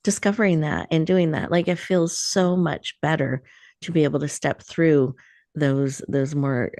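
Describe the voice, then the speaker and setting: Woman radio host, very low voice, dry studio sound, affirming. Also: fairly even intonation, measured pace, no room sound. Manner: warm affirming, appreciative. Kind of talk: radio interview hosting.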